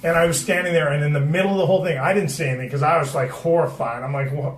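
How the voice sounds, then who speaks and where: A man's voice: a little high, rapid-fire, distant mic. Profane, rambling middle-aged man. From Boston area. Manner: rambling, profane, with many restarts and fillers. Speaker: guest, retired hockey player. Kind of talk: casual storytelling chat. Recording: echoey room, a bit off-mic, faint background noise.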